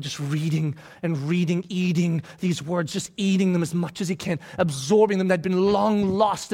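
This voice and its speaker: A middle-aged man delivers a sermon in a high, tenor-range voice. He swells with rising emphasis, then pulls back to quiet, slow stretches. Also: expressive. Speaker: preacher.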